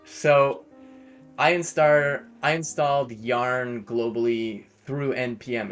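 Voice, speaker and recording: A Canadian man streaming a live coding session, thinking aloud and correcting himself as he types commands. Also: medium pitch. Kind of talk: casual live-coding narration.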